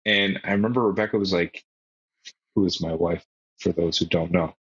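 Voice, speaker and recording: Deep husky man, lively casual talk. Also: normal speed, dry recording, lo-fi sound. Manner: animated, jokey, swears freely. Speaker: podcast co-host. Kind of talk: casual football chat.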